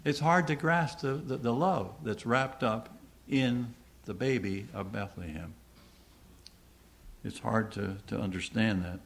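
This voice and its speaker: A man's voice: lowish voice, a little slow. Earnest male preacher, repeats key lines. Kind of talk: sermon to a congregation.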